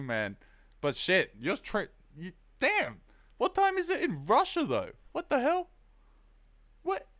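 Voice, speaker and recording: A man's voice: mid-range voice, dry recording. Laid-back Australian man on a stream. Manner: relaxed, chatty, reads chat aloud, laughs often. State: tired. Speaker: music producer streaming. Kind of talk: casual live-stream tutorial.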